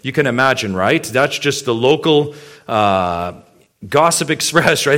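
A man's voice: mid-range voice, expressive, unhurried, fairly bright tone. A male pastor preaching a sermon. He speaks emphatically, poses many rhetorical questions and addresses his congregation directly.

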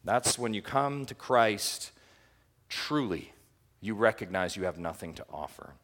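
A man with a lowish voice preaches a sermon in a church. He is impassioned, sinking to hushed, quiet lines and then climbing to loud, emphatic cries. Heard from the pulpit. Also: animated, unhurried. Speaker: pastor.

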